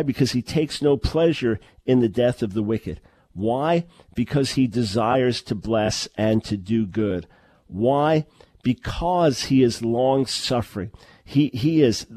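A middle-aged man delivers a teaching sermon, pressing his point with repeated rhetorical questions and quick restarts. His voice sits at an ordinary male pitch. The sound is dry and close, with no room echo. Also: darkish tone, breathy edge. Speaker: preacher.

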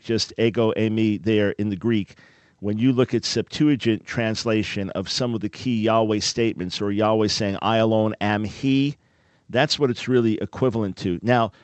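A man with a fairly low voice hosts a call-in radio program. He explains in an earnest, emphatic way. The sound is close and dry. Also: no echo. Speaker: radio show host.

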